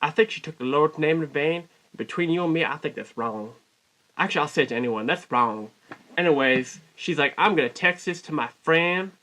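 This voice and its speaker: A man telling a rambling, mock-folksy comic story in a put-on Southern US drawl, deadpan and constantly correcting himself. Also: a little high, a little fast. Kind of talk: deadpan comic character monologue.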